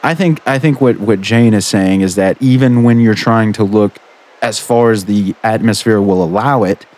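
Radio host guy, lowish voice, patient, keeps stumbling over words. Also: moderate pace, darkish tone. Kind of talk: comedic call-in radio.

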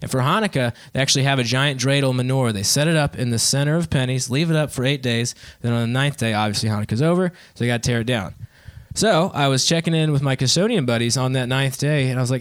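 A man's voice: mid-range voice, quick pace, clear, resonant tone. A man in his twenties doing a stand-up set in a living room, self-deprecating and laughing at his own jokes. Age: 20s. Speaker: stand-up comedian.

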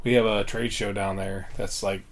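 A man's voice: lowish voice, flat delivery, normal speed. A man in casual chat, eagerly listing places he has been.

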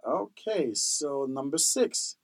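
Slow man teaching words. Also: a little high, animated, low-quality recording. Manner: slow, repeats each word, spells words out letter by letter. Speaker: language teacher. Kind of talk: slow repeat-after-me vocabulary lesson.

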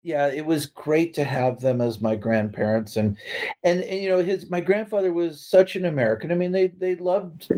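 A man's voice: on the high side, normal speed, warm tone, rough recording. Rambling man telling family stories. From California. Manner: rambling with many fillers and restarts, laughing at his own stories. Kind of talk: casual storytelling.

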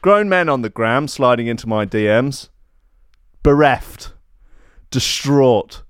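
A man's voice: on the high side, big pitch swings, measured pace, dry recording, studio quality. Theatrical, sarcastic man podcasting. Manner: sarcastic, mock-outraged, theatrical. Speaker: podcast host. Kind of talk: comedic monologue.

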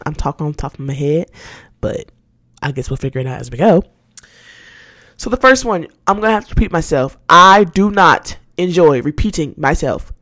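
A woman's voice: low-pitched, fairly bright tone, dry recording, clean studio sound. A woman hosting a casual solo podcast, talking candidly and animatedly, laughing often and repeating words as she searches for them. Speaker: podcast host.

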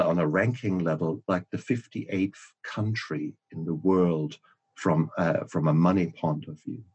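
A man with a very deep, husky voice talks as a podcast guest. He is emphatic and keeps restarting his sentences as he makes his points. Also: darkish tone. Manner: emphatic, with frequent restarts and repetitions. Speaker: author and guest. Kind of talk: podcast conversation.

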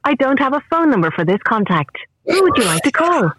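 A synthetic female voice assistant with an Irish accent, giving short, even replies. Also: high-pitched, a little fast, breathy edge, dry recording. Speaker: phone voice assistant. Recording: muffled phone speaker audio.

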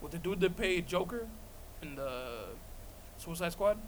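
Guy hosting a podcast, high voice that jumps all over, cracks up constantly, noisy background. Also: lively intonation, unhurried. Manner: loud, laughing, crude joking. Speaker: podcast host. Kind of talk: casual banter.

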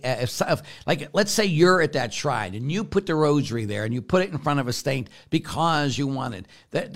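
A blunt, forceful priest, answering questions in a casual talk. He tells his stories with rambling restarts and plenty of "you know." His voice sits at an ordinary middle pitch for a man. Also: creaky. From Pittsburgh, United States.

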